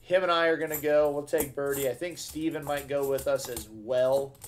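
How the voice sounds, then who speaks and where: A man hosting a live coin-hunting stream and chatting casually with viewers. He talks in an excitable, slangy way, with loud bursts of cheer between easygoing chatter. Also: mid-range voice, moderate pace, a little hiss or hum.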